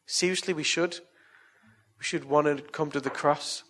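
Husky preacher, chatty and earnest. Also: male voice, on the high side, fairly even intonation, moderate pace, a bit bright. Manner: chatty, anecdotal storytelling; earnest, coaxing appeals. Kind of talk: evangelistic sermon and altar call.

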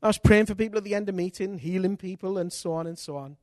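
A man preaching a sermon in an animated, candid way, with self-mocking humor. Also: high-pitched, fast, dry recording, clean studio sound. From Britain. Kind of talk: sermon with personal storytelling.

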